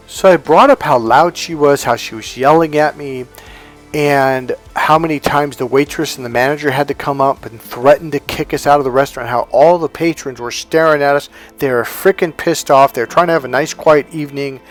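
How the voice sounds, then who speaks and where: A life coach telling a personal story in a blunt, emphatic way, with casual cursing. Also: male voice, on the high side, fairly quick, faint music behind. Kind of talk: storytelling monologue.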